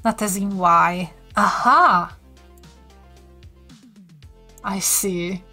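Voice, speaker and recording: A woman's voice: a little high, fairly bright tone. A woman from Hungary, speaking with a Hungarian accent, chatty and giggling often as she teaches viewers on a casual live stream.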